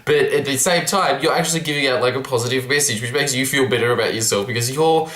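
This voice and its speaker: A man's voice: medium pitch, fast, fairly bright tone. A young man giving a casual self-help talk to camera, earnest and rambling, with many restarts. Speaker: vlogger. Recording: roomy echo.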